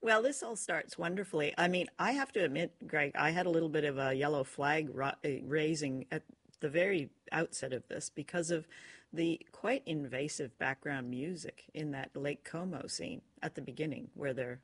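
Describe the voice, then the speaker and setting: A woman's voice: low voice, moderate pace, breathy edge. Chatty woman co-hosting a podcast. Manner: chatty, with fillers. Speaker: podcast co-host. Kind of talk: casual chat.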